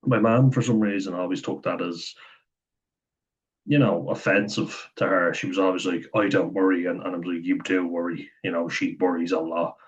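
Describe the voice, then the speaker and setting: A man's voice: low-pitched, fairly even intonation, normal speed, highs cut off. A young man talking candidly to camera, swearing freely, laughing often and acting out what other people said. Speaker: vlogger. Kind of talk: candid personal talk to camera.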